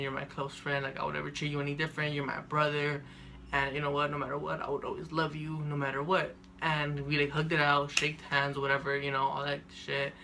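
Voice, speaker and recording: A young man telling a personal story to camera in a monotone, rambling way with lots of fillers. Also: fairly high pitch, slight background noise. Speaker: vlogger.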